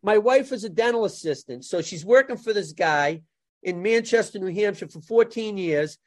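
A man's voice: high voice, lively intonation, normal speed, a little mellow. Jokey man. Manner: jokey storyteller, laughs at his own stories. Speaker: guest jujutsu instructor. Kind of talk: casual podcast chat.

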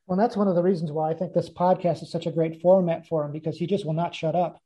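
A podcast host chatting in a relaxed, casual way with easy laughs. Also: mid-range voice, fast talker, rough recording. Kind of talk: casual interview chat.

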